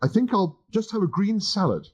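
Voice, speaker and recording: A man doing a high, flustered, squeamish Earthman. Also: very animated, moderate pace, a little mellow, slightly rough, full character voice. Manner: indignant, flustered, protesting. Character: fussy, squeamish young male Earthman. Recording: dull lo-fi old tape.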